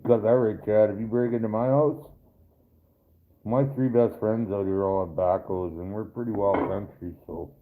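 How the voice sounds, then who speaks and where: With a fairly low, steady voice at a moderate pace, a livestream host answers his viewers' chat directly, rambling casually and using profanity. The audio is tinny, as if from a phone.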